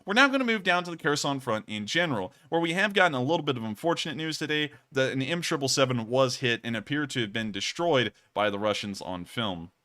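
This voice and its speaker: Bright-voiced young man talking war news. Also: medium pitch. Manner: conversational, self-correcting, says y'all. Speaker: war news livestream host. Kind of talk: casual live-stream commentary over maps and footage.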